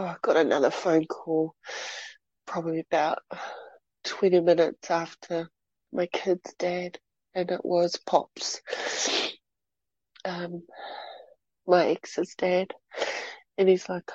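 A middle-aged woman telling a personal story in an interview, halting and repeating words as she goes. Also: fairly low pitch, flat delivery, warm tone, husky, no echo, muffled recording. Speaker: interview guest.

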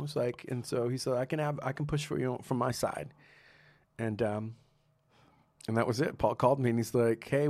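A man talks through his past in a loose, conversational interview, breaking into laughter and playing out the voices of people he met. His voice sits at an ordinary middle pitch, and the sound is close and dry with no room around it. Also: no echo. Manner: animated, laughs often, acts out quoted dialogue. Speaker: guest, sommelier and restaurateur. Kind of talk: casual storytelling interview.

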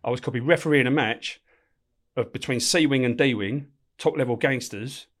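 A middle-aged man spins stories in a casual podcast chat. He talks bluntly, swears without a second thought and keeps his stories animated. His voice sits at an ordinary male pitch. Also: normal speed. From England. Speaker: podcast guest, former prison officer. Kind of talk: casual storytelling interview.

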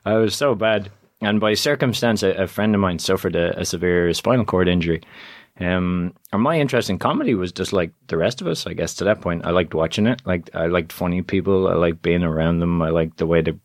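Lively Irish man telling travel stories. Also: deep voice, brisk, no echo, clean studio sound. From Ireland. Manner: animated storyteller who acts out voices in quotes. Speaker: interview guest. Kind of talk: casual storytelling interview.

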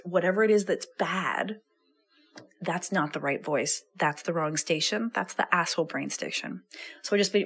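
A woman hosting her own show, talking candidly and earnestly to listeners and swearing casually as she goes. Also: fairly low pitch. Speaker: podcast host and coach. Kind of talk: intimate monologue to listeners.

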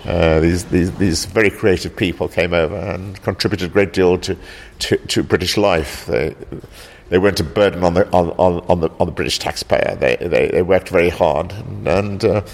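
A South African-born man who founded a local heritage group answers interview questions haltingly, repeating words and often ending with "actually." His voice sits low, steady in tone and creaky.

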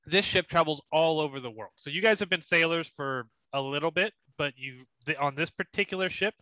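A man running a tabletop game as dungeon master, describing scenes with pauses and fillers. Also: fairly high pitch, pushed and bright, dry recording. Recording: slightly muffled dry recording.

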